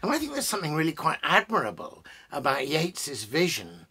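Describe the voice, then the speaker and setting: Guy rambling about a poem, lots of ums and restarts, rough gravelly voice. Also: a little high, wildly swooping pitch, brisk, pushed and bright. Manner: rambling, digressive, many fillers and restarts. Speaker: poet and host. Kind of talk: casual spoken talk on poetry. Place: indoors, at home among bookshelves.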